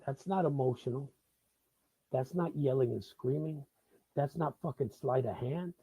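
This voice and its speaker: A man's voice: mid-range voice, unhurried, dark tone, breathy edge, no room sound. A man hosting a live show, delivering a profane, heated and sarcastic political rant. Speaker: host of a live talk show. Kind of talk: ranting political monologue.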